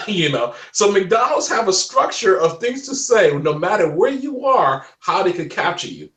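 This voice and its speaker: A man in his forties telling stories in a casual interview chat, animated and laughing often. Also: sits high, moderate pace, echoey room, far from the mic. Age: 40s. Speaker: guest.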